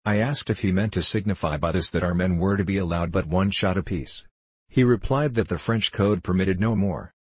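A man reads a classic story aloud in a measured, wry manner, his voice low and husky. The recording is dry and close, with no room sound. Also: no echo. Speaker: narrator. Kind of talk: audiobook reading of a classic story.

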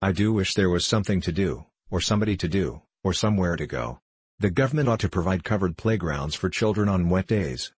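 A man's voice: low-pitched, lively intonation, fairly quick, husky, no room sound. A man voicing an impatient, complaining seven-year-old girl in a storybook reading.

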